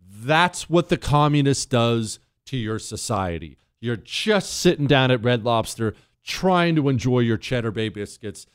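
A man's voice: medium pitch, smooth. A man hosting a political commentary show, talking in an emphatic, sarcastic, repetitive way. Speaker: show host.

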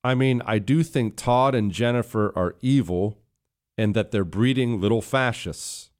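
A man hosting a political talk radio show, combative and sarcastic, rising to loud emphatic stretches. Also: mid-range voice, measured pace. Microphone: studio microphone.

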